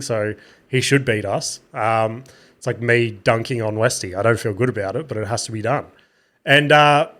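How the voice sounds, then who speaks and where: A man's voice: medium pitch, a bit bright. Tired Australian man hosting a podcast. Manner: rambling, swears casually, self-mocking. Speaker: podcast host. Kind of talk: casual solo storytelling.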